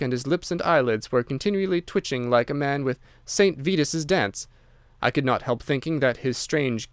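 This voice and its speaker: A man narrating a classic detective story in a measured, storytelling style. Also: mid-range voice, clean tone, dry recording, clean studio sound. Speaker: audiobook narrator. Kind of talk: scripted audiobook narration.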